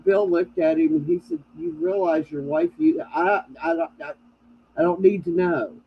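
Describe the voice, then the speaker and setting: A woman's voice: fairly low pitch, big pitch swings, normal speed. A middle-aged woman telling family stories with laughs in a casual chat. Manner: storytelling, laughing at family anecdotes. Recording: dull lo-fi sound with faint noise.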